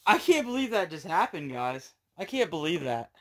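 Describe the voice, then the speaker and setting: A card-collecting YouTuber with a fairly high, slightly bright voice opens trading card packs on camera at a moderate pace, very animated. In this casual pack-opening vlog he talks to his viewers breathlessly and with lots of exclamations.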